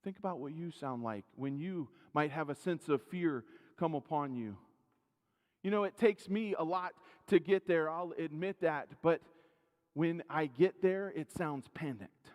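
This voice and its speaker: An earnest male pastor preaching in a church sanctuary. He asks the congregation direct questions, swells for emphasis and then sinks into low, quiet lines. His voice is a fairly high male voice, carried by a long hall reverb. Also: unhurried. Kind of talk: sermon.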